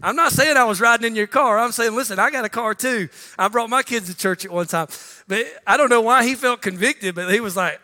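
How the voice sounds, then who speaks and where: A man's voice: high voice, a little fast, sharp tone, long reverb tail. A middle-aged man preaching a conversational sermon as pastor, often saying "listen" and acting out quotes. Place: church sanctuary.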